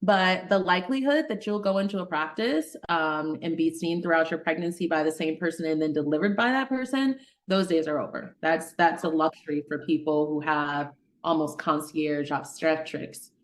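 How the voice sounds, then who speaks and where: A middle-aged woman physician from Detroit telling a personal story in an interview, animated, acting out the voices of people she quotes. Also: low-pitched, moderate pace. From Detroit, Michigan. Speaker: guest, physician.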